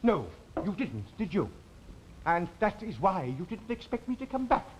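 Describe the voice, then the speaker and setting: A stern, imperious old time traveller. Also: male voice, high-pitched, very animated, moderate pace, slight background noise, poor audio. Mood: accusing. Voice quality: commanding, tetchy. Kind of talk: 1960s television drama.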